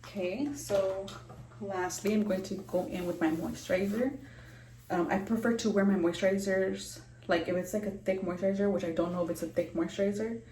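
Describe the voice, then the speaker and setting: A woman's voice: mid-range voice, steady tone, fairly quick, mellow, echoey room, a little hiss or hum, poor audio. A young woman doing a casual skincare vlog, rambling with lots of ums and likes, a bit out of breath, recorded in her small bathroom. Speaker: beauty vlogger.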